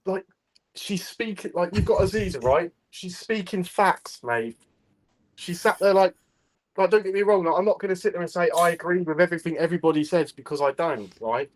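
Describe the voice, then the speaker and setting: A man's voice: high-pitched, expressive, normal speed. A man ranting casually as a guest on a talk stream, blunt and full of swearing.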